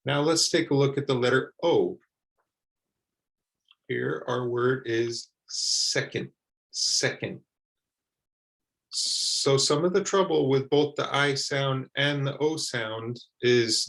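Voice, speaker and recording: A man teaching English pronunciation, repeating words slowly and carefully for learners. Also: mid-range voice, fairly bright tone, poor audio. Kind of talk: slow, deliberate pronunciation lesson.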